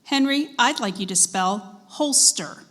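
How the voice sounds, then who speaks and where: A woman serving as pronouncer at a spelling bee, reading out words and dictionary definitions in a measured, deliberate way and prompting contestants politely. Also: a little high, expressive, a bit bright. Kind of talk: formal competition announcing. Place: school event hall.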